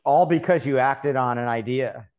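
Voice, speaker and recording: A man's voice: mid-range voice, normal speed, a little mellow. A man hosting the interview, asking short questions and laughing along with his guest. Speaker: interviewer, host.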